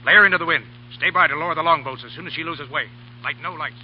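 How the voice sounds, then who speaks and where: A stern pirate captain, played by a man in an old radio drama, snapping out orders at a quick pace. His voice is somewhat husky, and the old broadcast sounds muffled. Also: mid-range voice, close to an everyday voice. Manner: curt, giving brisk orders. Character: commanding male pirate captain, stern and curt. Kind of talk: 1930s radio drama acting.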